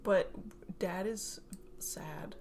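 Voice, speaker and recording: A woman's voice: medium pitch, very slow, a little mellow, whispered, soft background music. A young woman chatting casually and joking while she builds model kits on a stream. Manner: chatty, joking, laughs often.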